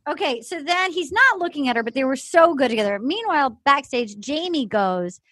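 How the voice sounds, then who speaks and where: A young woman co-hosting a podcast, recapping a dating show in animated casual chat and acting out what people said. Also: sits high, fairly quick, hardly any pauses, no room sound. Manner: animated storyteller, acts out quotes. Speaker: podcast co-host.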